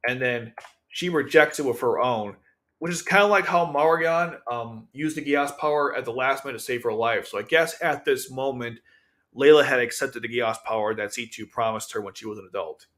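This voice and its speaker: A man's voice: mid-range voice, moderate pace, a bit bright. Rambling man recapping an anime episode. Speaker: anime reviewer and channel host. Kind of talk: casual episode commentary over video.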